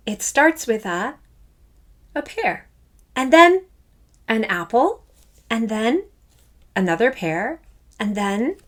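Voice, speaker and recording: A middle-aged woman teaching an online children's music lesson in a playful, enthusiastic way. Her fairly high voice swings widely up and down as she talks. She speaks slowly and carefully so young students can follow. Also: a bit bright. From Canada.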